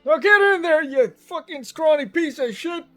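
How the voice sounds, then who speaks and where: A man voicing a cranky old male jailer with a walking stick, gruff, shouting and cursing. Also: very high voice, normal speed, faint music behind, voice pushed up. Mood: angry.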